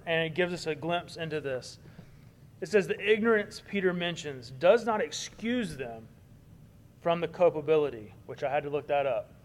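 A man preaching a sermon in an earnest way, building emphasis on key points and then softening. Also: on the high side. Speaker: pastor.

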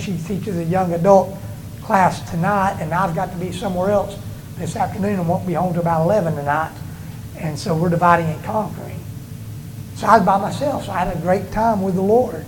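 A male pastor with a high-sitting voice preaches a sermon in church against a noisy background. His delivery is emphatic, rising and falling and slowing down on the words he stresses.

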